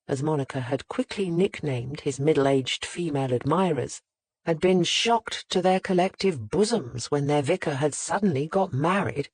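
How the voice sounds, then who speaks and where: Audiobook narrator, mid-pitched, measured scripted reading, close dry mic. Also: slightly rough, no room sound.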